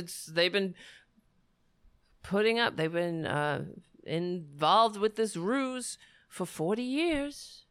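A woman vlogger angrily ranting in reaction to a news clip, swearing often and breaking off into halting restarts. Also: lowish voice, expressive, clear, resonant tone, no echo, studio quality. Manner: indignant, profane, halting restarts. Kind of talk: angry reaction rant.

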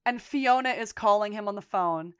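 A woman's voice: mid-range voice, smooth, no echo, studio quality. A woman co-hosting a podcast, eagerly recapping TV episodes in casual chat and swearing freely. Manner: excited, profane, rapid storytelling. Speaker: podcast co-host.

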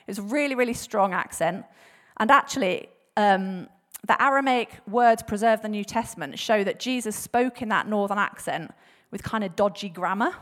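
A woman's voice: medium pitch, moderate pace, hardly any pauses. A woman giving a casual, chatty church talk, with frequent fillers and laughter. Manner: chatty, laughs often, many fillers and restarts; animated, acts out bible quotes with voices. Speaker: church speaker.

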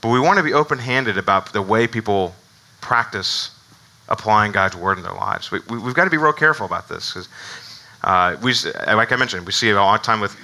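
A man's voice: fairly low pitch, pushed and bright, low-quality recording. A man preaching a casual sermon as pastor, conversational with frequent restarts and fillers, often laughing.

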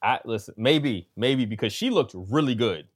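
A man hosting a casual film podcast, his voice swinging widely up and down as he talks. He acts out his own reactions in quick asides and keeps a loose, chatty rhythm. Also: mid-range voice, breathy edge. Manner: animated, acts out quotes, frequent "like". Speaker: podcast host.

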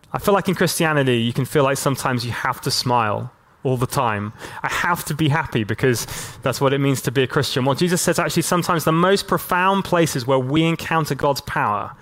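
A man preaching a sermon as a pastor, talking in a relaxed, conversational way with lots of casual fillers and slowing right down to stress key lines. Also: mid-range voice. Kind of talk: sermon to a church and online audience.

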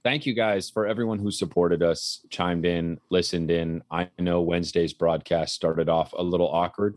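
A man's voice: sits low, fairly even intonation, moderate pace, hardly any pauses, dry recording, clean studio sound. A man co-hosting a casual talk show, telling a story with animation and acting out the quotes. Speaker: podcast co-host and color commentator.

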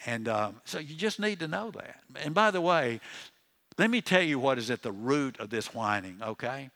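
A man's voice: medium pitch, animated, normal speed, fairly bright tone. Older man preaching a casual sermon. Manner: conversational preaching with frequent restarts and asides. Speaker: pastor. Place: church.

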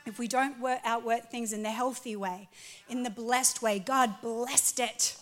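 A woman in her forties preaching a sermon to a live audience, telling a funny story about her marriage. She is animated and pokes fun at herself, swinging from soft to loud. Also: a little high, moderate pace. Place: stage before a live audience.

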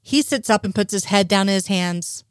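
Story reader, woman, mid pitch, dry recording, steady telling. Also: moderate pace, dry recording. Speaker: narrator. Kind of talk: reading fan fiction aloud.

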